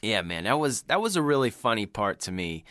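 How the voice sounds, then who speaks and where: A man's voice: lowish voice, sing-song, brisk, fairly bright tone, dry recording, studio quality. A man co-hosting a casual movie podcast, talking with lots of swearing and laughing as he retells scenes. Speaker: podcast co-host.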